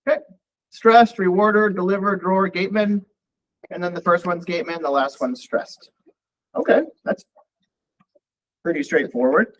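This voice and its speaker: A high-voiced man speaks at normal speed and pauses often, heard on a low-quality recording. Giving a live coding lecture to a college programming class, he thinks aloud in a relaxed manner as he types and runs code.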